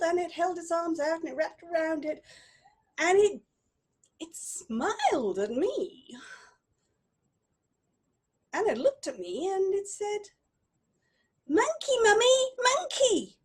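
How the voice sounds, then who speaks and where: A woman improvising a story live, telling it dramatically with long pauses. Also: very high voice, a little mellow.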